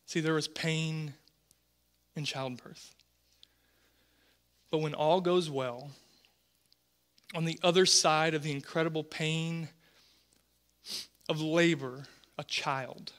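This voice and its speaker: A man in his forties, a pastor preaching a sermon, earnest and animated, often repeating words as he tells stories. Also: on the high side, slow pace, pauses often.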